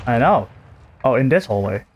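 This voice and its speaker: A man casually commentating while playing a shooter campaign, swearing, yelling and joking. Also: mid-range voice, very animated, normal speed, dull audio. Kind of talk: casual let's-play commentary. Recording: game gunfire noise behind the voice.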